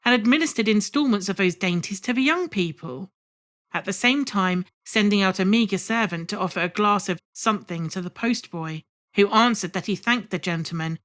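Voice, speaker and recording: A woman's voice: mid-range voice, normal speed, fairly bright tone. Woman reading a classic novel aloud. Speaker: audiobook reader. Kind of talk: scripted narration of a classic novel.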